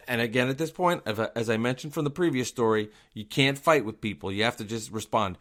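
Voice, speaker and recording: A man's voice: medium pitch, sing-song, a little fast, hardly any pauses, fairly bright tone. A man hosting his own podcast, telling stories in a chatty, casual way with plenty of swearing. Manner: chatty, profane, self-deprecating. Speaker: podcast host. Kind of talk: casual storytelling.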